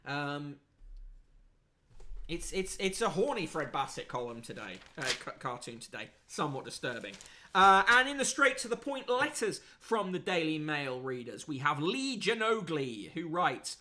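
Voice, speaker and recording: Sardonic bright-voiced male newspaper reviewer. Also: on the high side, very animated, measured pace. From United Kingdom. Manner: sardonic, swearing, frequent fillers. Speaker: host.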